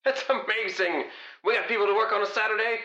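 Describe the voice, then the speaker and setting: A man's voice: high-pitched, fairly even intonation, fast, pushed and bright, echoey room, dull audio. A man voicing a gleeful, scheming male city mayor in a comedy audio sketch, gloating.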